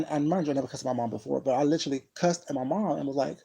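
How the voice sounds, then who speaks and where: A man's voice: a little high, steady tone, quick pace, gravelly, mellow, breathy edge, low-quality recording. A man casually telling a personal story to his viewers, rambling and emphatic, with lots of "you know what I'm saying". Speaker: vlogger.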